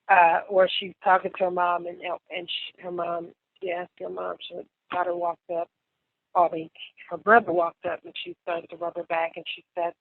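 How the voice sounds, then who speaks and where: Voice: mid-range voice, no echo. An author calling in to a radio show, retelling a story in a rambling way, often restarting and correcting details. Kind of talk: casual phone-in storytelling. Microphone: phone line. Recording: tinny phone line.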